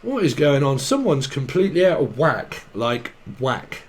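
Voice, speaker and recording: The voice is a man's, medium in pitch with big swings, unhurried, over a little hiss or hum. As a tarot reader, he wanders through a channelling monologue, riffing on words and giggling at his own jokes.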